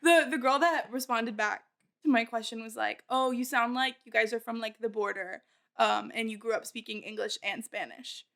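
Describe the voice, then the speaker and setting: A woman's voice: fairly high pitch, normal speed, creaky, a bit bright. A young woman from Texas co-hosting a podcast, chatting casually and telling stories with lots of exaggeration. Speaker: podcast co-host. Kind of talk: casual chat.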